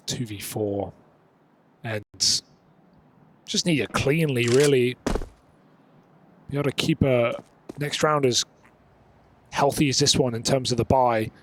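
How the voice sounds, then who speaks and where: A man calling play-by-play on a pro esports match, with quick, emphatic calls and banter. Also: mid-range voice, slight background noise. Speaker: esports caster. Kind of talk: play-by-play commentary. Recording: clear gunfire from game behind.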